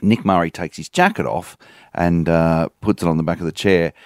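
Deep-voiced man telling anecdotes. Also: steady tone, normal speed, a little mellow, no echo, studio quality. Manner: wry anecdote telling, mimics people in quotes. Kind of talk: casual storytelling.

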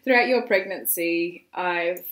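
A woman co-hosting a podcast, telling lively stories about family life. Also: on the low side, unhurried, crowd noise. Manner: animated storyteller, acts out quotes. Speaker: podcast co-host. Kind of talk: casual chat. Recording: roomy echo.

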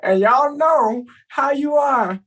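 A middle-aged woman from Texas telling a lively story in casual chat, acting out the voices of people in it. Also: sits high, slow pace, distant mic, low-quality recording. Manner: animated, acts out voices in her story. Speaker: guest.

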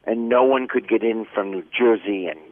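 A man's voice: on the low side, moderate pace, dry recording. Older man joking down a phone line. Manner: chatty, jokey storyteller. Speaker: guest. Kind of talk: casual chat.

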